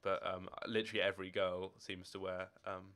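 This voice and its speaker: An eighteen-year-old Scottish man rambles casually on a game live stream, answering viewers' questions from his room at home, which holds football shirts and drawers. His smooth voice sits low with a level tone, fairly quick and fairly bright.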